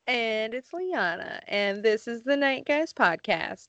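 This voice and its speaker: A woman's voice: a little high, expressive, takes it slowly, a bit bright, dry recording, dull audio. A young woman co-hosting a casual podcast, joking and giggling, her voice cracking now and then. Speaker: podcast co-host. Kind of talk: casual chat.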